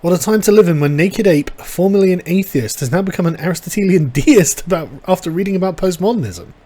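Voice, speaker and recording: Male livestream host with a slightly high voice, dry and sarcastic, reading out chat. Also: a little fast, warm tone. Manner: wry, sarcastic, dry asides.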